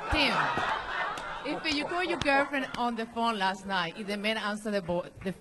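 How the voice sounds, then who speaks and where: Halting woman comic with Spanish accent. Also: on the high side, background noise. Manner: halting, laughs between words, lots of "you know". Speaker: open-mic comedian. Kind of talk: nervous stand-up set. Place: comedy club stage.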